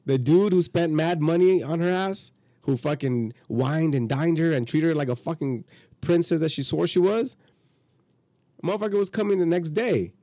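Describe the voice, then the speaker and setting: A man hosting a podcast in casual chat, profane and animated, acting out quotes as he tells stories. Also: fairly high pitch, moderate pace, dry recording, studio quality. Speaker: podcast host.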